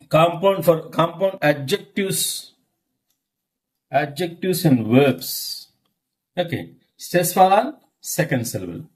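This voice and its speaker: A male lecturer gives a pronunciation lesson at a slow, measured pace. His slightly higher voice swoops up and down widely as he repeats each example word several times. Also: a little mellow. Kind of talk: slide-based English pronunciation lesson.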